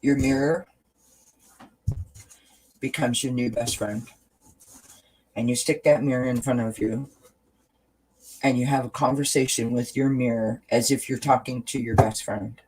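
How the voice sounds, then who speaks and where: Man, host, casual wellness chat, earnest, encouraging, repeats himself, mid pitch. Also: fairly even intonation, a little slow, long pauses, a little mellow, slightly rough, low-quality recording.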